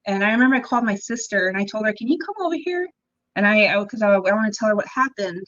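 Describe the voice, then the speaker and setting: A young woman, a podcast guest, telling her own story in a casual, animated way, acting out what people said, with ums and laughs along the way. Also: medium pitch, very fast, highs cut off. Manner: animated, acts out quoted dialogue, frequent ums and laughs. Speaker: interview guest.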